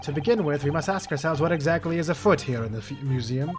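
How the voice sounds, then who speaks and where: A man voicing a pompous, eccentric British gentleman detective in a video game, reading the dialogue with grand, old-fashioned formality. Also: on the high side, expressive, quick pace, close to an everyday voice. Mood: grandiose. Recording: game music playing behind.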